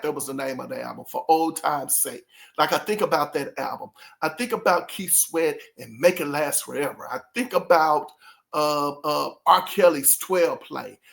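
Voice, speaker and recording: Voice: medium pitch, vocal fry. Chatty host rambling about soul albums. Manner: animated, rambling, heavy filler words. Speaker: music commentary host. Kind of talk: casual opinion vlog.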